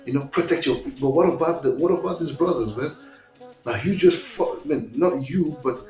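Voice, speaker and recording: A man's voice: fairly high pitch, moderate pace, darkish tone, echoey room, faint music behind, low-quality recording. A man on a podcast as a guest in casual chat, blunt and worked up, often restarting his sentences.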